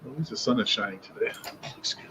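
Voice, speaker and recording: A man guesting on a casual live-stream chat, easygoing and soft-spoken. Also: medium pitch, animated, quick pace, a little hiss or hum. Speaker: guest co-host.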